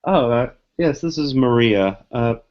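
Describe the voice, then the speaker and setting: A man voicing a polite, hesitant vampire man who talks haltingly and formally in a tabletop game, on a muffled, lo-fi recording. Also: mid-range voice, animated, close to an everyday voice.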